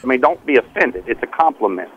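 A man's voice: medium pitch, lively intonation, fast, highs cut off, background noise. A man hosting a radio prank bit, playful and teasing, often breaking into laughs.

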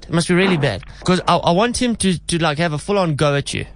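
Brief: male radio prank host, upbeat, slightly high voice, swinging intonation. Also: expressive, fast talker, a little hiss or hum. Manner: playful, explaining the setup. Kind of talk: casual radio banter.

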